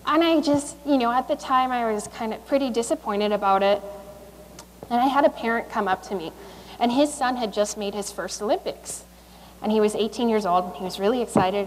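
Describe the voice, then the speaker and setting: A woman in her thirties addresses a school audience with a motivational talk. Her voice sits a little high, and she speaks conversationally, with fillers and small restarts, over a faint hum of ambience. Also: big-room sound, poor audio. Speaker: guest speaker, Olympic speed skater. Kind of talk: motivational speech. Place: school assembly.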